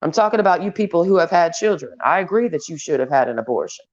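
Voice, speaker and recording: Woman vlogger, low-pitched, blunt and foul-mouthed, rambling rant, dull lo-fi sound. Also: animated, fast. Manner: crude, profane, blunt. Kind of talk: rambling stream-of-consciousness rant. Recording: dull lo-fi recording.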